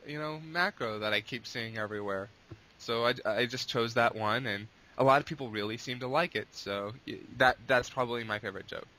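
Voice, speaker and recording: Male interview guest, casual and rambling, with a bright, forceful tone. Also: mid-range voice, fairly quick. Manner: long-winded, rambling with restarts. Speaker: guest, abridged series creator.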